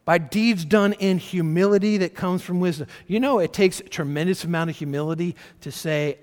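A man preaching a sermon in an earnest, conversational way, swinging between loud emphasis and soft, quiet stretches. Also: a little high, moderate pace, in a large hall. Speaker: pastor.

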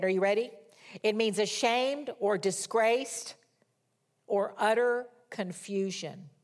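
A middle-aged woman preacher reading scripture and telling a humorous personal story in a lively sermon. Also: mid-range voice.

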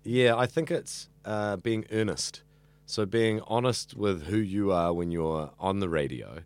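Very deep-voiced earnest young man. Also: measured pace, dry recording. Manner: earnest, rambling, with many fillers and restarts. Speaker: radio student and evening radio host. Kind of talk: casual interview chat.

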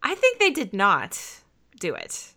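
Bright-voiced giggly woman podcaster. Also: medium pitch, huge pitch swings, unhurried. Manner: giggly, narrates scene by scene. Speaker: podcast co-host. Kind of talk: casual chat recapping a TV episode.

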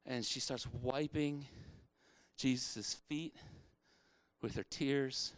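A man's voice: medium pitch, fairly even intonation, slow pace, dry recording. A male pastor preaching a sermon in a conversational way, repeating phrases for emphasis.

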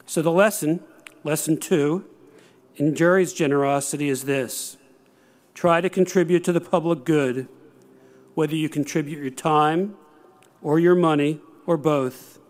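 A man in his sixties delivers a prepared speech with measured, storytelling pacing. His voice sits slightly higher than most men's. A dry humor runs through his delivery. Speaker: speaker.

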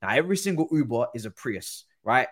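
A man telling an animated story in casual chat, acting out other people's voices. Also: mid-range voice, fairly quick, husky. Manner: animated, acts out quoted voices. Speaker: guest football pundit.

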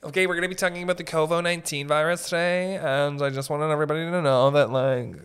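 A man's voice: fairly high pitch, steady tone, fast, a bit bright, clear, resonant tone, pitched above the performer's own voice, close to an everyday voice. A man voicing a stoned woman building manager who fumbles through a meeting announcement. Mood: chirpy.

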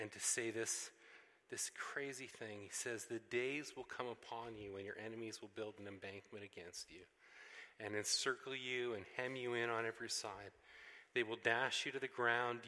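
A male pastor delivers a sermon in a bright, sharp-edged voice. He is animated, acting out the voices of people in the story and rising to emphatic runs. A long reverb trails every phrase, as in a large church hall. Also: lowish voice.

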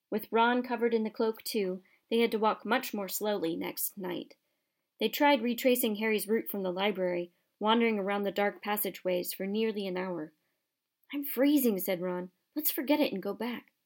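Soft-spoken woman reading a storybook. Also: mid-range voice. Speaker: audiobook narrator. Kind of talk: storybook narration.

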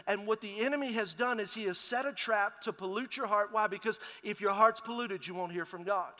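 A middle-aged man preaching a sermon as pastor, telling lively stories and calling out to his congregation. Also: high-pitched, a little fast, hardly any pauses. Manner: lively storytelling, calls out to the congregation. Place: large church hall. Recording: long hall reverb in a church.

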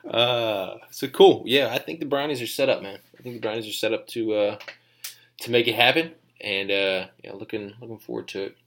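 A man's voice: on the low side, fairly quick, a bit bright. A man co-hosting a podcast in a studio, chatting casually in a rambling, joking way. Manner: rambling, laid-back, joking. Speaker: podcast co-host. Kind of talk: casual chat.

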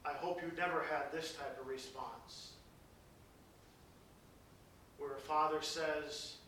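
A pastor preaching a sermon, reading scripture dramatically and dropping into soft, hushed passages. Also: male voice, a little high, steady tone, takes it slowly, slight background noise. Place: large church. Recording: very echoey church from a distance.

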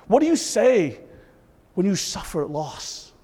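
A man preaching a sermon as a pastor, impassioned, swinging between intense peaks and soft, hushed asides. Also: sits high, sing-song, slow, husky. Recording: long reverb of a large hall.

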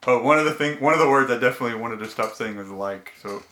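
A man's voice: mid-range voice, fast, bright, forceful tone. A man hosting a casual podcast chat, speaking hesitantly and correcting himself often. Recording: echoey room.

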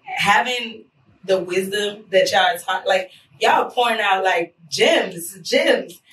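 Animated woman podcast host, roomy sound. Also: medium pitch, takes it slowly, a little hiss or hum. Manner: animated, teasing, emphatic. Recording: roomy, distant mic, faint ambience.

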